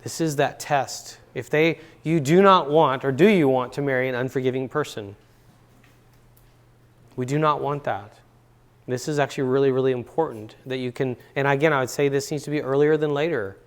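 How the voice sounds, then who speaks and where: Man teaching a relaxed relationship seminar. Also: mid-range voice, moderate pace. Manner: conversational, repeats words for emphasis. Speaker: seminar speaker and counselor. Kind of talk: relaxed seminar talk with stories. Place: university seminar room.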